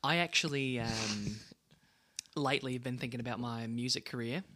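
A man's voice: mid-range voice, normal speed, sharp tone. A man co-hosting a podcast in casual chat, rambling and hesitant with lots of fillers. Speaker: podcast co-host.

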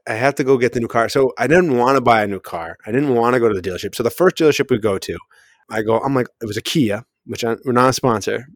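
A man casually recounting a story to his podcast friends. His voice sits at an ordinary middle pitch and meanders with restarts and laughter. The sound is dry and close, with no room in it. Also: fast, no room sound. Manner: rambling, laughs often, restarts. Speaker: podcast co-host.

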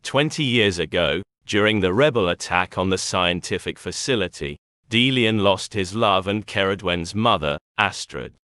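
Deep-voiced man reading an audiobook. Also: lively intonation, normal speed, pushed and bright. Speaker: audiobook narrator. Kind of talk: scripted narration.

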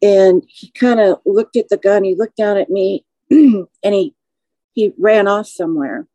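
A woman in her forties with a warm, mellow voice shares a personal testimony as a podcast guest. She speaks slowly and in measured phrases, with feeling. The sound is dry and close. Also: mid-range voice, no echo, muffled recording. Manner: measured, slow, emotional recounting.

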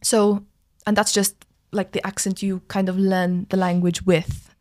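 A young woman with a Maltese accent talks loosely and at length, with "like" scattered through her sentences. Her voice sits at an ordinary middle pitch and sounds close and dry, with no room around it. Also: level tone, unhurried, a little mellow, dry recording. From Malta. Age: young adult. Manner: chatty, explains at length with many "like" fillers. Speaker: drama school student guest. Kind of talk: casual podcast chat.

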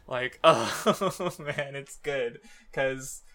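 Male co-host, bright and forceful, loose rambling delivery packed with fillers and chuckles. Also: mid-range voice, normal speed. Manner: rambling, filler-heavy, laughs often, swears. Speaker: podcast co-host. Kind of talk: casual chat about manga.

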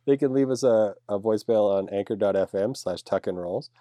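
Podcast host, male, thirties, dark warm tone, dry sound, easy laugh. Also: lowish voice, brisk, no echo. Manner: laughs easily, teasing. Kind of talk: casual podcast banter.

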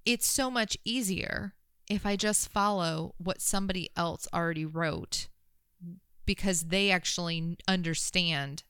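A woman's voice: fairly low pitch, measured pace, a bit bright, smooth, dry recording, clean studio sound. A woman co-hosting a podcast in casual chat, reflecting on her own experience in a chatty way. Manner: reflective, storytelling, chatty with fillers. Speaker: podcast co-host, experienced real estate agent.

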